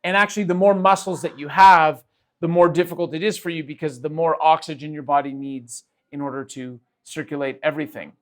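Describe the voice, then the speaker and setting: A male podcast host tells a story in a casual, rambling manner. He restarts his sentences and uses lots of fillers. His voice is a touch higher than most men's. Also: steady tone, a little fast.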